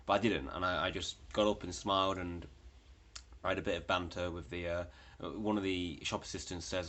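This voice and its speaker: Deep-voiced man rambling casually. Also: fairly even intonation, fairly quick, a bit bright. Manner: rambling, frequent fillers and swearing. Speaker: vlogger. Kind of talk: casual storytelling monologue.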